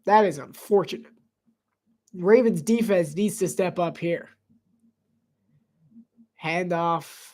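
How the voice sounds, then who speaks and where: A woman giving solo live play-by-play commentary on a football game, chatty and quick to laugh, joking between plays. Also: lowish voice, a little mellow.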